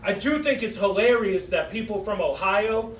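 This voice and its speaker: A young man with a Massachusetts accent works a club crowd, his voice pitched fairly high and pushing out brash, animated punchlines. He is caught from a distance in a roomy, echoing room, with a clear wash of crowd sound underneath. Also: moderate pace. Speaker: stand-up comedian. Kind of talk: stand-up set. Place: comedy club stage. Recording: roomy club sound from far off with audience noise. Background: audience laughter.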